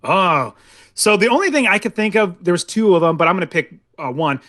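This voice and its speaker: Male podcast co-host, higher voice, rambling anecdotes, dry recording. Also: animated, brisk, fairly bright tone, dry recording. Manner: rambling storyteller, full of "like". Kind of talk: casual movie podcast chat.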